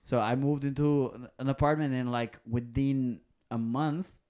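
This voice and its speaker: A man's voice: medium pitch, a little slow, clean tone. A man with a Brazilian accent, a comedian co-hosting a podcast, telling stories in casual chat and acting out the voices of people in them. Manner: animated storyteller, acts out quoted voices.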